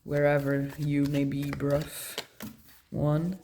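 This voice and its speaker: A woman's voice: low voice, monotone, slow, background noise. A woman giving a casual tarot reading, musing aloud in slang and laughing often. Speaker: tarot reader.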